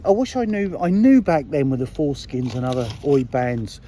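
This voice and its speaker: With slight background noise behind him, a middle-aged English political commentator rants at normal speed in a medium-pitched, mellow, sing-song voice. The monologue is casual yet blunt and sweary, driven by indignation and rhetorical questions aimed at viewers.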